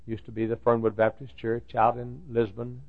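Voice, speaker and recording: Gravelly preacher on tinny tape. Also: male voice, mid-range voice, monotone, moderate pace. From Dallas, Texas. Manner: storytelling, repetitive, rising to emphatic peaks. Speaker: pastor. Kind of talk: sermon. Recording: tinny lo-fi old sermon tape.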